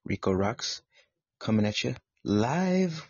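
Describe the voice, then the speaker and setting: A man's voice: lowish voice, normal speed, vocal fry, highs cut off, background noise. A man hosting a solo live podcast, chatting casually in a profane, joking, self-mocking way. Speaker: podcast host. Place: home setup in California.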